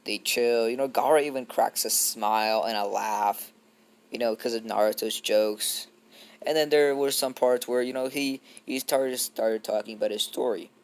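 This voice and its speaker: A young man telling an improvised fan story in a loose, rambling way, packed with fillers and restarts. His voice is mid-pitched with a gravelly, creaky texture. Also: fairly even intonation, normal speed.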